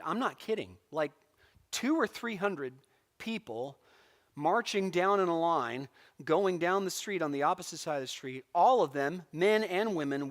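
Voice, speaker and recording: A man's voice: fairly high pitch, a bit bright. A middle-aged man from California teaching a church Bible class, telling stories with acted-out quotes and laughs. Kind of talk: casual Bible lesson.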